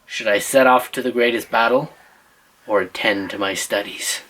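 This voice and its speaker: A man's voice: medium pitch, moderate pace, bright, forceful tone, slight background noise, rough recording. A father telling an improvised choose-your-path story, playful and teasing, asking his listeners for choices.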